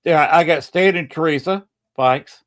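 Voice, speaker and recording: A man hosting a podcast in casual chat, speaking in a relaxed, hesitant way as he reads out his upcoming guest list. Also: fairly high pitch, unhurried. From American South. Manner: relaxed, hesitant, many uh fillers. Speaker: podcast host.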